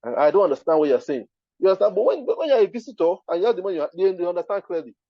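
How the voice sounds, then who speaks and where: Speaking very fast and very animatedly in a high voice, a Nigerian-accented man delivers an emphatic talk at a live design event, constantly checking with "you understand?" There's no echo, and the high end is cut off.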